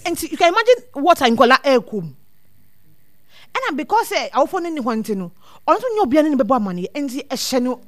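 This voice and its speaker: High-voiced woman giving earnest advice. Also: very animated, a little fast, dry recording. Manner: earnest, repeats words as she thinks. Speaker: guest speaker on child welfare. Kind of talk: casual advice talk mixing two languages.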